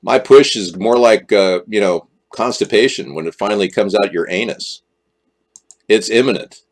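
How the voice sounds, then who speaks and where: A man with a fairly low voice speaks at a normal pace. He's hosting a political livestream, rambling, joking, and frequently breaking into exaggerated voices.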